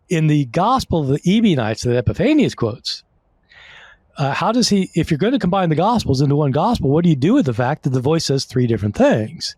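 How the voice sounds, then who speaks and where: A man's voice: fairly high pitch, very animated, fairly quick, a little mellow, husky, dry recording. A man explaining as a guest scholar in an interview, conversational, with many fillers and restarts.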